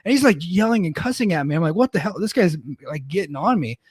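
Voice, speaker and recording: Man, thirties, podcast co-host, rambling casual storytelling, slightly high voice, dry close sound. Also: animated, quick pace, breathy edge, no room sound. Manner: rambling, self-deprecating anecdotes with frequent restarts.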